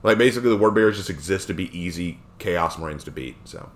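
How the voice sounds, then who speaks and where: A man streaming live, reading and answering chat questions in a rambling, animated way with frequent fillers. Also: low voice, fast, a little hiss or hum.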